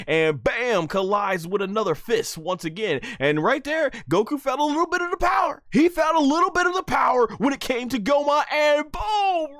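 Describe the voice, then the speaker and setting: A man hosting a podcast, giving an excited play-by-play review of an anime episode, shouting and laughing along with the action. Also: a little high, dry recording, studio quality. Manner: hypes the action, shouts and laughs at big moments.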